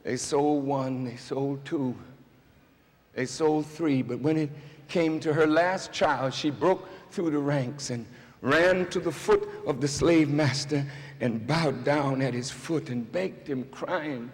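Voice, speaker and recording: A minister preaching in a big arena with a long, ringing echo behind his voice. His voice sits high for a man, and he takes his time with every phrase. He swings from full shouts down to quiet storytelling. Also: takes it slowly. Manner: dramatic swings between shouting and hushed storytelling. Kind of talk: fiery sermon to a large crowd. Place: large indoor arena. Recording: long reverb of a large arena.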